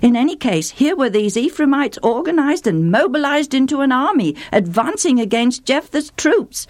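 A woman's voice: sits high, big pitch swings, moderate pace, few pauses, a little mellow, dry recording. A woman telling a story with vivid emotion, speaking straight to her listeners. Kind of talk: dramatic story narration.

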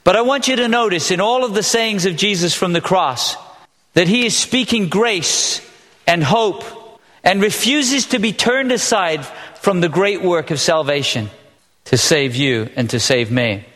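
A man preaching a sermon as pastor, earnest and emphatic, with dramatic pauses. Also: high voice, animated, fairly bright tone. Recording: long reverb of a large hall.

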